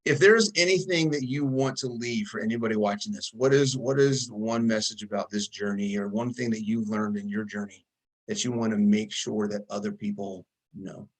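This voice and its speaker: A man's voice: fairly low pitch, normal speed, poor audio. Man coaching in short directives. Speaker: coach and host. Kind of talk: casual video interview.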